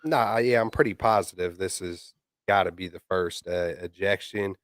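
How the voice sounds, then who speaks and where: A man's voice: low-pitched, moderate pace, no room sound, studio quality. A man co-hosting a casual sports chat, rambling and slangy, with many fillers and restarts. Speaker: podcast co-host.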